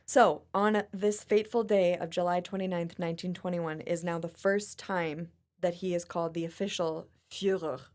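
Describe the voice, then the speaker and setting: A woman hosts a podcast with a chatty, expressive delivery. Her voice sits low for a woman, and the talk stays loose and casual. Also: normal speed, hardly any pauses. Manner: chatty and expressive, often laughing. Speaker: podcast host. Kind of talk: casual chat.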